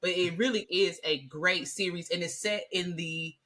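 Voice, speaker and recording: Woman, podcast co-host, bright sharp voice, casual, swears freely. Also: on the low side, normal speed. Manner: animated, swears freely, rants. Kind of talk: casual chat.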